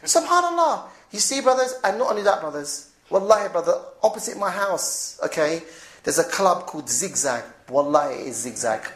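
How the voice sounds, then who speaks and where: A woman giving an informal religious talk, animated, chuckling now and then and repeating her points. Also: lowish voice, fairly quick. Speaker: preacher. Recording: roomy echo.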